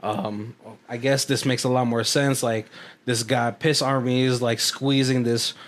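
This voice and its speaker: A man's voice: mid-range voice, little pitch movement, measured pace. Rambling, laughing podcast man. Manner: rambling, laughs often, acts out quotes. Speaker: podcast co-host. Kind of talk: casual movie commentary chat.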